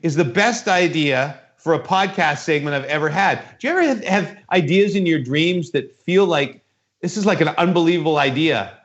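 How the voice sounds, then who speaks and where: His voice sits on the high side, expressive and fairly bright, at a moderate pace. He's a podcast host rambling through a story in relaxed chat and acting out the voices, captured with dull lo-fi sound.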